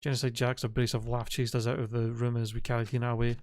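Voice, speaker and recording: A man's voice: medium pitch, flat delivery, fast. Profane exasperated gaming streamer man. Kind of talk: let's play commentary and reading aloud. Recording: game music behind. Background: game music.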